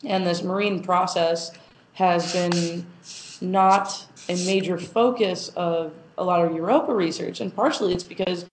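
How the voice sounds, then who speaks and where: A woman's voice: lowish voice, fairly even intonation, measured pace, a little hiss or hum. A woman planetary scientist answering interview questions in a casual, thoughtful way, with many fillers and restarts. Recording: roomy echo.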